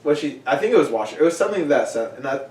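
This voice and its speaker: A young man tells a casual story among friends, animated and rambling, with plenty of "I was like." He sits back from the mic, and the room adds echo and a faint hiss. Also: a little high, very fast, far from the mic. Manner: animated, acts out quotes, keeps saying "I was like". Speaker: podcast co-host.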